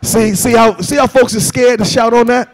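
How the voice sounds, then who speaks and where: A man preaching a sermon live in church, getting the congregation to repeat after him and swinging from quiet talk up to shouting. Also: steady tone, normal speed, poor audio. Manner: builds to shouting peaks, then drops low. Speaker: pastor. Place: church sanctuary, recorded live.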